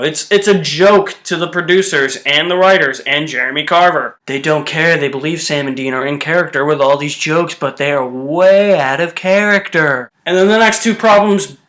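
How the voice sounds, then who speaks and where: A man's voice: a little high, normal speed, fairly bright tone, echoey room. A young man giving a casual, exasperated review rant about a TV show. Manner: ranting, exasperated, blunt.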